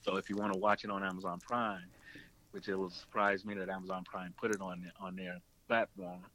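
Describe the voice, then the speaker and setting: Talking fairly quickly with vocal fry, a documentary filmmaker and ex-radio producer tells a long interview story. He acts out the voices of those he quotes, jumping in pitch, over poor audio.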